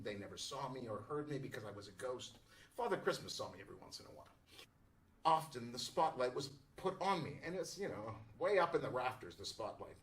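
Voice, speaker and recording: A stage actor recalls a theatre show at an easy, unhurried pace, stopping for small pauses. His voice sits in the middle of the range and is recorded with some distance from the microphone. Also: medium pitch, a bit bright. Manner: unhurried, descriptive, with pauses and fillers. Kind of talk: anecdotal storytelling. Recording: voice distant from the mic.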